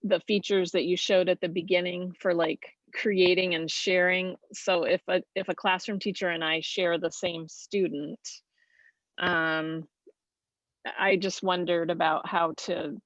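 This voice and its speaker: A woman's voice: lowish voice, flat delivery, no room sound. Hesitant woman on a dull, dry call. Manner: hesitant, halting, many fillers. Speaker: workshop participant. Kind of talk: asking a question on a video call.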